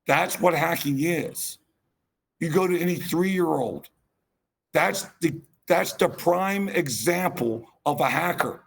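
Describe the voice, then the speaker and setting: A man's voice: a little high, slow. A man giving a passionate, rambling conference keynote with self-deprecating asides. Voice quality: gravelly, husky. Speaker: keynote speaker.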